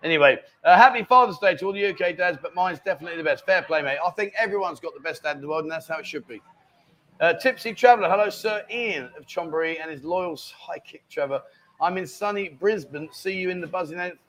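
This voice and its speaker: Fast-talking bar host. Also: male voice, high voice, a bit bright, slight background noise. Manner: banter, reading out viewer comments. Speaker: live-stream host. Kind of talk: casual live-stream chat. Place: bar lounge.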